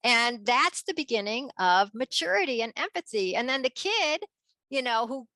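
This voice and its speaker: A woman with a fairly high, bright, gravelly voice, talking animatedly as an interview guest. She breaks into quick playful voices for the kids she describes. The sound is close and dry. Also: dry recording. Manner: lively, acts out children's voices with big pitch jumps.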